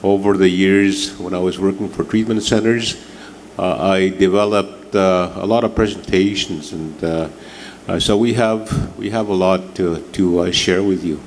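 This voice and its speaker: A man giving closing remarks at a workshop, halting and earnest, with many fillers. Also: sits low, steady tone, a little hiss or hum. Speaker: workshop presenter.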